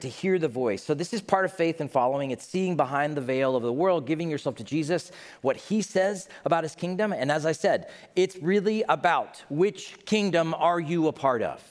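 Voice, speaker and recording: A man preaching a sermon as pastor, talking in a conversational, animated way and acting out the people he quotes. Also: fairly high pitch, normal speed, big-room sound.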